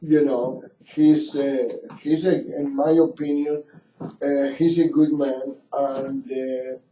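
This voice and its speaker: Slow, rambling male radio host. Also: mid-range voice, little pitch movement, slight background noise. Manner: rambling, halting, full of filler pauses. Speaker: radio talk show host. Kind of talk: casual radio talk. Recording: roomy lo-fi radio studio mic from a distance.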